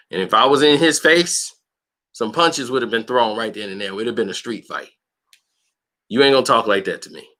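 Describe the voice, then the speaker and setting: A man's voice: mid-range voice, moderate pace, pauses often. A man hosting a boxing channel, telling a story in a blunt, slangy, combative way and acting out other people's lines in a raised voice. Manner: animated, acts out quotes in a raised voice. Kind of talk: casual storytelling monologue.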